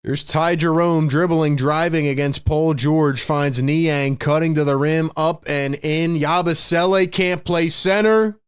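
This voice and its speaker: A man hosting a fan livestream, calling play-by-play in excitable, frustrated, slangy talk. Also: a little high, unhurried, few pauses, clean tone, dry recording, studio quality. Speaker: host and play-by-play commentator.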